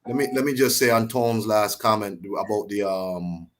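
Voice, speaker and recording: A man appearing as a guest commentator in a casual discussion, opinionated and quick to laugh. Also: lowish voice.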